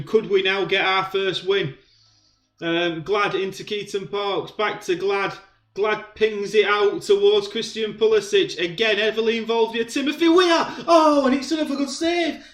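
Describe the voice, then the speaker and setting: A man giving excited play-by-play commentary on a football video game, shouting when goals go in. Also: high voice, reverberant. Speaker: gaming commentator.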